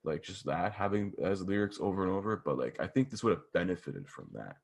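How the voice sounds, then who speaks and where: Low gravelly crude-talking podcast host. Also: male voice, expressive, a little fast. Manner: crude, rambling, heavy use of "like". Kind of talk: casual chat.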